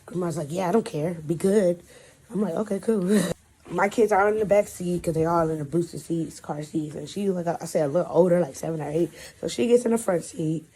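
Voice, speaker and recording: A woman's voice: on the low side, fairly quick, warm tone, breathy edge. A young woman vlogger animatedly telling a personal story, swearing and laughing as she goes. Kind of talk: casual storytime.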